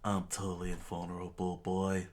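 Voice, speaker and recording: A man's voice: deep voice, completely flat delivery, moderate pace, natural voice. A man doing an arrogant pirate captain. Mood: taunting.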